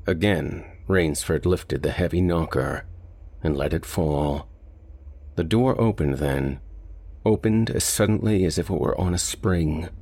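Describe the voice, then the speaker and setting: A man reading a short story aloud in a steady, deliberate audiobook narration. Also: a bass voice.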